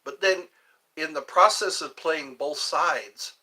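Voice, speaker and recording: A man's voice: a little high, slow, sharp tone, breathy edge, rough recording. A man hosting a live stream, rambling casually and answering viewers' comments.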